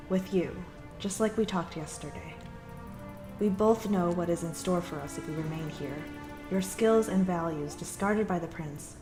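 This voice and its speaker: A woman voicing a bold, sharp-tongued young heroine, earnest and teasing. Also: on the low side, natural voice. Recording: echoey room with music.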